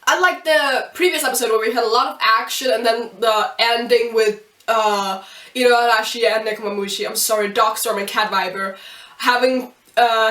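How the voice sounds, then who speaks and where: A young woman reviewing an anime episode in a casual video, gushing and excitable, breaking into laughs and exclamations. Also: on the high side. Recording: roomy sound from a distance off the mic.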